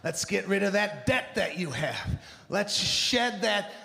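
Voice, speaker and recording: A man putting on an overly cheerful male spin instructor with peppy motivational shouting. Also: high-pitched, lively intonation, measured pace, vocal fry, full character voice. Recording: live stage with long reverb.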